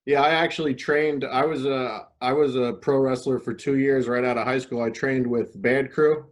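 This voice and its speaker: A man's voice: mid-range voice, steady tone, moderate pace. Hesitant man in casual chat. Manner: hesitant, restarting sentences. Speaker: podcast co-host.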